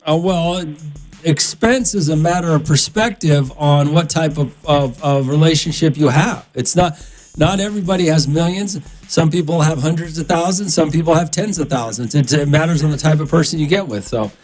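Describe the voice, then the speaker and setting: A man's voice: fairly high pitch, moderate pace, a little mellow, soft background music. A man hosting a radio talk show, blunt and dismissive, calling his co-host names as he lays out his opinions.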